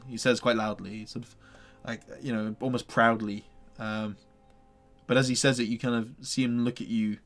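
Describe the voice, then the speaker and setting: A man's voice: mid-range voice, little pitch movement, moderate pace, fairly bright tone, soft background music. A man running a tabletop game as game master, narrating in a loose, rambling way full of fillers.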